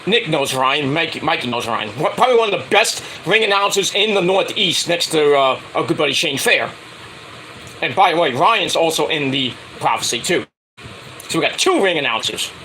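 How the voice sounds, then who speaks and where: A man's voice: fairly high pitch, sharp tone, slight background noise, poor audio. A middle-aged man telling a rambling casual story, full of filler words and restarts, acting out the lines he quotes. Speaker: wrestling show reviewer.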